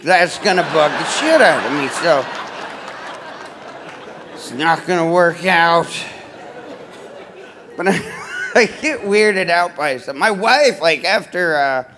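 A man's voice: on the high side, slow pace, pauses often, a bit bright, a faint crowd, a little hiss or hum. A man doing a stand-up comedy set in a club, rambling and self-deprecating, full of fillers and restarts.

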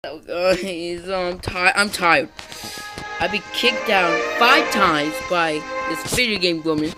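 A woman ranting through gameplay commentary, exasperated and rambling, repeating taunting questions with many halting restarts. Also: lowish voice, over loud music. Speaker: gaming channel host.

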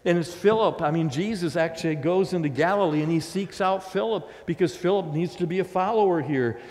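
A man's voice: high-pitched, brisk, darkish tone, in a large hall. A man preaching a sermon as pastor, in a conversational, storytelling way. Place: church sanctuary.

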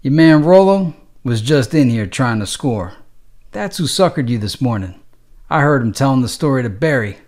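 A man's voice: medium pitch, expressive, normal speed, darkish tone, close to an everyday voice. A man voicing a sly bartender who gossips to stir up trouble. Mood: needling. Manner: needling, confiding street talk.

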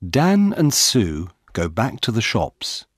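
A man narrating a simple storybook for English learners, slowly and deliberately. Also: fairly low pitch, wildly swooping pitch, no echo, studio quality. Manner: slow, clear and deliberate. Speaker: audiobook narrator.

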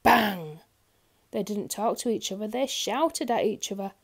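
A woman reading a children's picture book aloud, expressive and talking directly to young listeners. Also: medium pitch, normal speed. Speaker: storyteller. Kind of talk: children's story read-aloud.

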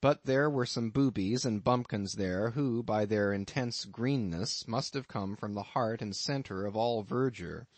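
A man reading an unabridged novel aloud as an audiobook narrator, in a measured, deliberate literary reading. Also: fairly low pitch, no echo. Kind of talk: scripted narration of a classic novel.

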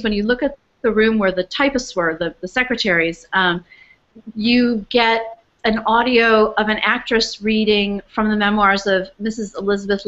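A woman author telling the story behind her book in an earnest, animated way, full of fillers and restarts, speaking from home over a webcast. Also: mid-range voice, highs cut off. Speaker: author being interviewed. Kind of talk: casual storytelling interview. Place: home in New York, remote webcast.

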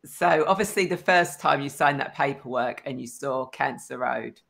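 Low-voiced woman podcast host. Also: moderate pace, creaky, fairly bright tone. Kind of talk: casual conversational interview.

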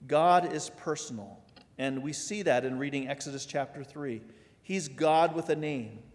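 A man's voice: on the high side, a little slow, darkish tone. A man preaching a sermon as pastor in a conversational way, asking his listeners rhetorical questions. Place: church sanctuary. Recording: long hall reverb.

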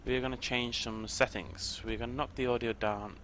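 A man's voice: medium pitch, little pitch movement, moderate pace, fairly bright tone, slight background noise. A man commentating his gameplay in a chatty way, thinking aloud as he plays. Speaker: gaming YouTuber.

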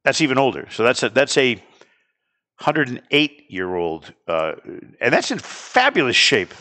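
Guy hosting, jokes around, laughs a lot, real lively. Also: mid-range voice, unhurried. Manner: jokey, animated, laughs often. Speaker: radio show host. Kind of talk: casual chat.

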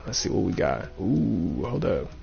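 Brief: gaming host, gravelly and animated, talks to himself as he plays, muffled lo-fi mic. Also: low-pitched, unhurried, music in the background. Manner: thinking aloud, repeating himself, playful. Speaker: gaming streamer. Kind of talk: casual let's-play commentary.

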